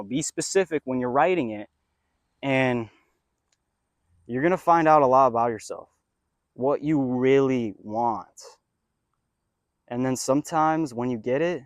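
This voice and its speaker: Profane, excitable young man rambling. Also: mid-range voice, no echo, clean studio sound. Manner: profane, excitable, drifts between loud rants and mumbles. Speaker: spiritual vlogger. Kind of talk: casual rambling monologue. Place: outdoors.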